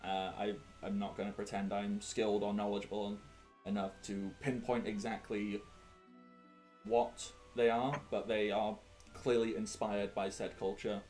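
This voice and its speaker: A man's voice: fairly low pitch, fairly even intonation, a little slow, a little mellow, soft background music. A man, rambling and laughing as he chats while running a tabletop game. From England (Sheffield). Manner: rambling, chatty, laughs often. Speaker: game master. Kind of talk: casual chat at a tabletop game.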